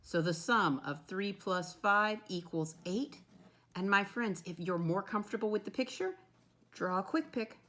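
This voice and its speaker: A woman teaching a first-grade lesson from home, talking slowly and encouragingly in a sing-song way to young children she calls her friends. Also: mid-range voice, animated, a bit bright, roomy sound, far from the mic.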